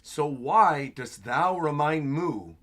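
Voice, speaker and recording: A man doing a slow, solemn ancient villain. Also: fairly high pitch, animated, fairly bright tone. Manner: drawn-out, solemn, old-fashioned speech. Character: slow, archaic-speaking ancient male villain.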